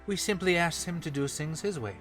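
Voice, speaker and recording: A conniving vampire schemer speaks slowly and deliberately, voiced by a man with a German accent he struggles to hold. His voice sits a little high, and soft background music plays under the tabletop game. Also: animated. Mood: scheming. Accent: German, put on and slipping.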